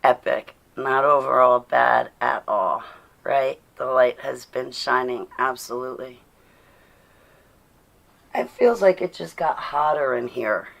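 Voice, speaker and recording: Low gravelly-voiced woman chatting live. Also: takes it slowly, fairly bright tone. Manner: chatty, addresses viewers by name, laughs often. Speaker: livestream host. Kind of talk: casual live chat to viewers. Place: indoors at home.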